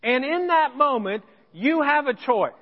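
A pastor telling a personal story in a sermon, with self-deprecating humor. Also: male voice, extremely high pitch, lively intonation, unhurried, in a large hall, dull audio. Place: church sanctuary.

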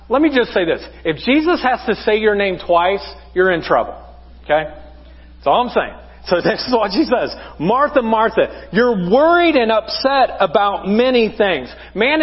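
A man's voice: high-pitched, very animated, normal speed, slightly rough, in a large hall, highs cut off. A man preaching a conversational sermon as pastor, asking the congregation rhetorical questions. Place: church sanctuary.

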